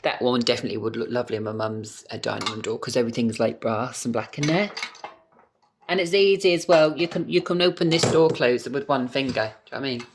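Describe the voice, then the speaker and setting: A man's voice: mid-range voice, fast talker, background noise. Camp, chatty British man vlogging. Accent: British English. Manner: camp and chatty, swears freely, animated. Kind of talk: casual vlog chat to camera. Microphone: phone camera.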